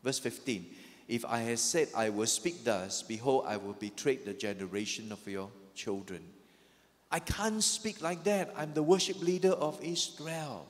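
A man's voice: medium pitch, animated, measured pace. A man preaching a sermon in a mid-range voice, emphatic and building in intensity as he voices the psalmist's struggle. His words ring out with a long hall reverb, as in a church sanctuary. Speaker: pastor.

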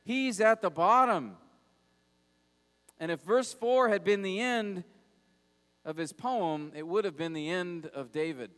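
A man preaching a sermon as pastor, moving between loud urgent passages and quiet, low, emphatic ones. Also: measured pace, pauses often. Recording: long hall reverb.

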